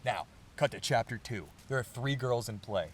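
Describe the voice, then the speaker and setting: A man's voice: medium pitch, moderate pace, slight background noise. A man co-hosting a podcast, chatting casually and recapping a manga plot, acting out the characters' lines as he goes. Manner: animated, acts out characters' lines mid-story. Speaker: podcast co-host.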